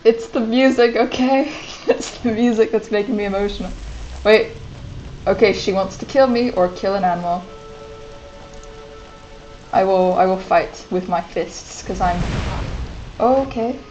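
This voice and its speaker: A woman's voice: mid-range voice, a little slow, pauses often, darkish tone, muffled recording. Young woman streamer, giggly chatty commentary, faint game music underneath. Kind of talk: casual gameplay commentary.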